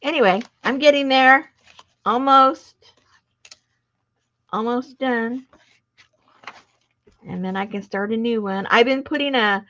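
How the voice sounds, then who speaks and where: Chatting while she crafts on a casual livestream, this woman rambles and cuts herself off mid-thought. She speaks at a medium pitch with a fairly bright tone, captured in lo-fi sound.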